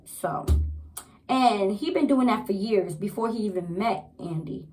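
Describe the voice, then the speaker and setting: A young woman casually recapping a TV episode, chatty and animated, repeating herself as she goes. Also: medium pitch, unhurried, rough recording. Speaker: TV show reviewer.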